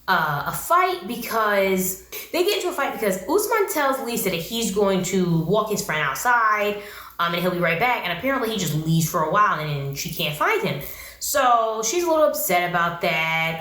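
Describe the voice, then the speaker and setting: Animated blunt woman vlogging in an echoey room. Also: a little high. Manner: animated, blunt and opinionated, slangy. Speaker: YouTube reality-TV reviewer. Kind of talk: casual vlog commentary.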